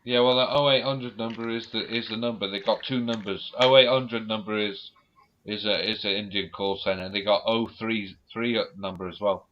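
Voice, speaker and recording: A man's voice: fairly low pitch, fairly even intonation, moderate pace, a little hiss or hum. A man chatting casually, telling rambling stories, swearing freely and laughing often. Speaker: podcast co-host. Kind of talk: casual chat. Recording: dull lo-fi recording.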